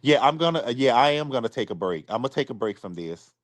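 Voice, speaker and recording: A man on a live stream apologizing to his supporters. He is close to tears, speaks haltingly, and often repeats himself or restarts his sentences. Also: mid-range voice, expressive, no echo.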